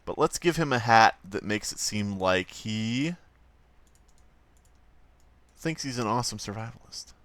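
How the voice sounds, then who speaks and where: A man's voice: on the low side, lively intonation, a little slow, pauses often, fairly bright tone, no room sound. A man casually commenting on his livestream while drawing, rambling, joking and swearing a lot. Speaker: streamer.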